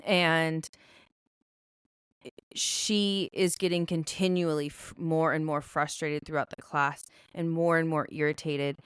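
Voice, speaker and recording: A woman's voice: low voice, fairly even intonation, takes it slowly, smooth, dry recording, studio quality. A woman co-hosting a podcast, rambling through a casual book discussion and recapping the plot at length. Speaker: podcast co-host.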